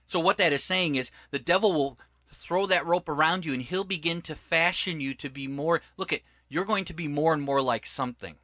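A man's voice: a little high, brisk, bright, forceful tone, dry recording. A man teaching from the Bible in conversation, emphatic and preacher-like, retelling scripture stories and acting out the quotes.

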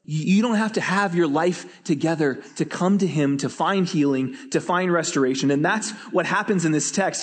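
A man preaching a sermon as pastor, telling stories with lively energy and often repeating words as he starts a phrase. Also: high voice, slightly rough, in a large hall.

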